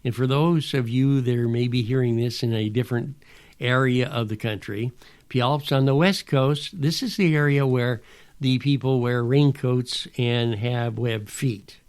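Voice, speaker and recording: A man's voice: mid-range voice, measured pace, darkish tone, clear, resonant tone. A man hosting a podcast in a rambling, folksy monologue with sarcastic asides. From Pacific Northwest. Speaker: podcast host. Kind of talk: casual monologue.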